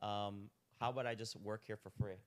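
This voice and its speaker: Young male guest, lowish smooth voice, rambling easygoing chat. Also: steady tone, moderate pace. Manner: laid-back, rambling, lots of "like". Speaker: podcast guest, restaurant owner. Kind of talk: casual chat.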